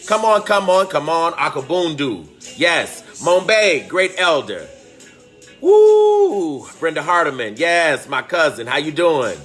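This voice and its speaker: Fervent, lively-voiced man teaching live. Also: a little high, a little slow, few pauses, soft background music. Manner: fervent, greets viewers by name, cries out. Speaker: teacher hosting a live online talk. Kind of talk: impassioned livestream teaching.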